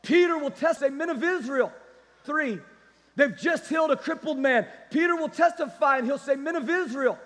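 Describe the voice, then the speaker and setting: A man preaching a sermon as pastor, energetic and calling out to the congregation. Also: very high-pitched, moderate pace, in a large hall.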